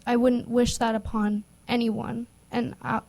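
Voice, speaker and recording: A young woman speaks at a public hearing, nervous and emotional, stopping and restarting often. Her voice is soft and mellow and stays close to one note. She talks slowly. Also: on the high side, level tone, vocal fry, poor audio. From United States. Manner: halting, emotional, many restarts and fillers. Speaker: public witness.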